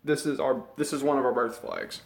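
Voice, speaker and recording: A man's voice: mid-range voice, animated, fairly quick, gravelly. A young man from the United States ranting casually in a vlog. He rambles, swears a lot, loses his thread and sounds out of breath and a bit sick. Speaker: vlogger. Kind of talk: casual opinion rant.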